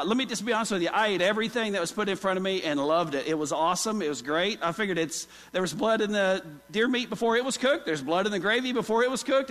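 In the sanctuary, this pastor from Oklahoma keeps sharing folksy tales and posing questions to the congregation during his sermon. A long hall reverb surrounds his high-for-a-man, slightly bright voice.

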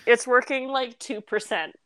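A woman's voice: fairly high pitch, moderate pace, dry recording. Chatty woman narrating a tabletop game. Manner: lively, chatty, with laughs and fillers. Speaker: game master.

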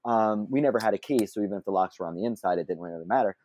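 Warm, chatty man telling a story. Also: fairly low pitch, rapid-fire, no room sound. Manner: chatty and self-deprecating, laughs often, many fillers and asides. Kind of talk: casual anecdotal storytelling.

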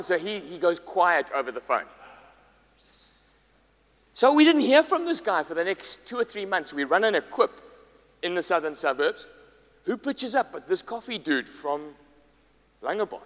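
A man, a pastor preaching a sermon, telling a story with lively acted-out dialogue. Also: high-pitched, moderate pace, long pauses. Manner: animated, acts out quoted dialogue. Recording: long hall reverb.

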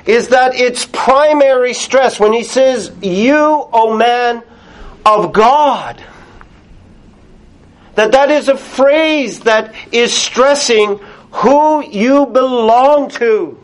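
A male pastor delivers a sermon in a noticeably high voice. He speaks slowly and deliberately, leaning on key words with earnest emphasis and soft laughs between points.

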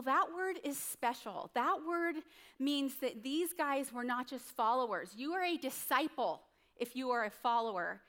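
A woman's voice: sits high, fairly bright tone. A woman pastor preaching a sermon in a conversational, storytelling way, often checking in with the congregation. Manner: conversational, storytelling, frequent tag questions.

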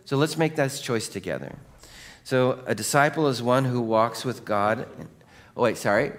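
A male pastor preaches a sermon in a lively, conversational style at medium pitch and normal speed. He cracks jokes and calls for responses from the congregation.

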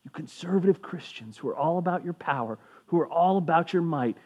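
A man's voice: on the high side, animated, fairly quick, darkish tone. A man giving a casual sermon as a pastor, conversational and jokey, briefly acting out voices of people in the story.

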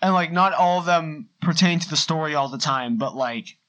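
Young male podcast co-host, relaxed and chatty, slightly high-pitched, long run-on explanations. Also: moderate pace, rough recording. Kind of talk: casual chat.

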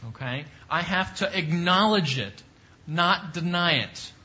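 Guy teaching a bible class, high voice, keeps asking do you see that, kinda dull recording. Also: unhurried, pushed and bright. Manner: repetitive, emphatic preaching with rising questions.

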